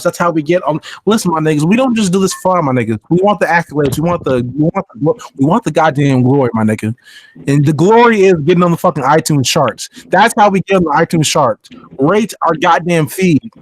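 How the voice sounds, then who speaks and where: A man hosting a podcast with a slightly high voice, talking in a brash, profane, hyped-up way. The sound is dry and close, with no room around him. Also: no echo. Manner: loud, profane, hype-driven plugs. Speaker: podcast host. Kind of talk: casual podcast banter.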